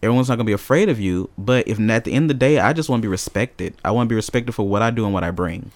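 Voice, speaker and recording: Animated storyteller man, low voice. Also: very fast. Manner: animated storyteller, swears freely. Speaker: podcast co-host. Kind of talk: casual chat.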